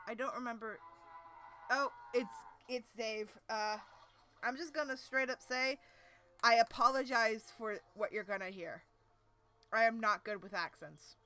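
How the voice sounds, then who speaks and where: Bright woman reading a webcomic aloud. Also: a little high. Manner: casual, self-deprecating asides, stumbles over words. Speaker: streamer.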